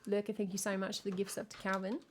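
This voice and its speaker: A woman's voice: mid-range voice, level tone, a little hiss or hum. A young English woman, a singer-songwriter, chatting casually and joking with her stream chat between songs. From England. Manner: chatty, self-mocking, quick asides to chat. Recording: home stream with piano playing. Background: piano.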